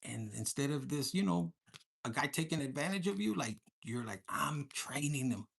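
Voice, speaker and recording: Husky, blunt tarot reader. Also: mid-range voice, normal speed. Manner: blunt, profane, animated; mixes in Spanish words. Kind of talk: casual collective tarot reading.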